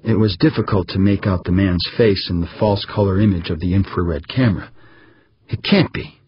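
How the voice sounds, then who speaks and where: A man reading an audiobook in steady, measured scripted narration. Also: sits low, highs cut off, slight background noise.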